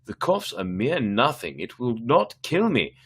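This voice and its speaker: A man voicing a drunken, proud male wine connoisseur dressed in jester's motley, with shrill, excited exclamations, in a dramatic story reading. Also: measured pace, breathy edge, full character voice. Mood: dismissive.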